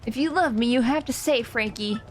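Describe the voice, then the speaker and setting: Woman doing a high pouty goomba wife, dramatic, guilt trippy, clingy. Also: a little fast, over music, lightly acted.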